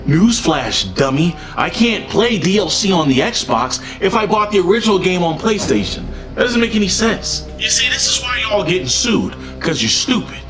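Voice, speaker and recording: A man's voice: sits high, lively intonation, normal speed. A man playing a brash, smug rival who insults and accuses, in a comedy skit over music. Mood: mocking. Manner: taunting, mocking laughs.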